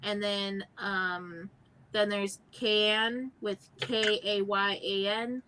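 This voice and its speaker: A woman in a casual group chat, speaking hesitantly with many ums and pauses. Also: mid-range voice, flat delivery, background noise.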